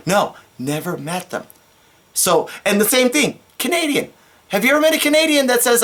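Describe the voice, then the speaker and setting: A woman's voice: on the low side, lively intonation, fairly quick, fairly bright tone. A woman ranting through a casual video commentary, exasperated and repeating her points. She talks with plain everyday emphasis, sometimes stopping to critique her own work.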